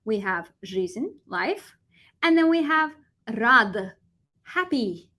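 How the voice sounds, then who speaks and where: A young American woman with a lively, animated delivery, teaching a Russian vocabulary lesson and switching between English and Russian. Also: fairly high pitch, takes it slowly. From United States.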